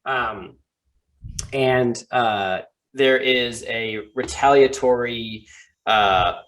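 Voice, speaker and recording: A man narrating a tabletop game as game master in a casual, halting way, with many fillers and some laughter. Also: mid-range voice, low-quality recording.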